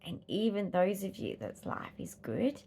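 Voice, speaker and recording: A woman's voice: mid-range voice, big pitch swings, measured pace, vocal fry, dark tone, husky. A woman with an Australian accent talking in a rambling, philosophical, emphatic way in a personal vlog, weary after a hard night. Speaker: vlogger.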